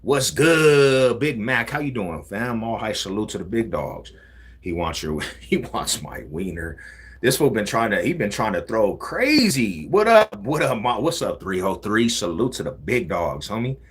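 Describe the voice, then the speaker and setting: A man hosting a casual livestream, talking in animated street slang. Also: fairly low pitch, unhurried, breathy edge. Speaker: livestream host.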